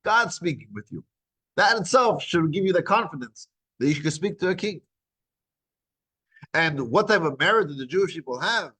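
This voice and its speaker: A man teaching a weekly scripture class, retelling the text as lively back-and-forth dialogue, with frequent restarts. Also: a little high, normal speed, pauses often, husky, rough recording.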